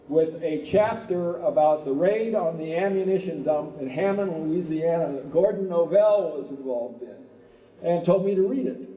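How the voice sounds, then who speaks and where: A guest speaker from California gives a conference talk in a hotel conference room, rambling through anecdotes conversationally with frequent "uh" and "he says." His voice is on the high side. The recording is muffled, captured from a distance in a roomy hall with faint ambience.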